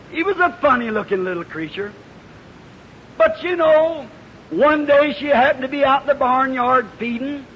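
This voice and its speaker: A man preaching a revival sermon, telling a folksy story that builds into shouted fervor, heard on an old archival tape. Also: very high-pitched, slight background noise. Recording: dull old archival tape in a reverberant hall.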